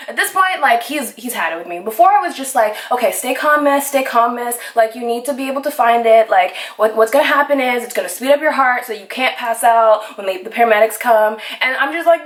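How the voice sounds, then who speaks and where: A young woman with a high voice talks straight to camera in a loose, rambling storytime, swearing often and looping back on herself. Her voice bounces around an echoey room at home. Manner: animated, swearing, rambling with many fillers. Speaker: vlogger. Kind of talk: casual storytime monologue. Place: indoors at home, sunlit room.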